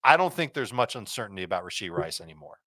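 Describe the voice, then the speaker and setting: A man giving quick, confident fantasy football start and sit advice, rattling off picks one after another. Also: on the low side, sing-song, bright, forceful tone, dry recording.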